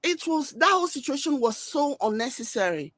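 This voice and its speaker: A woman giving animated reaction-video commentary. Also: sits high, brisk, dry recording. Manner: animated, mimics people she discusses.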